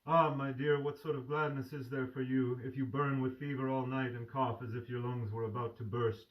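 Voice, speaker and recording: A man's voice: mid-range voice, flat delivery, normal speed, muffled recording, close to an everyday voice. A man reading aloud and voicing a grieving mother who pleads anxiously with her sick son. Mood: anxious pleading. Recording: distant mic.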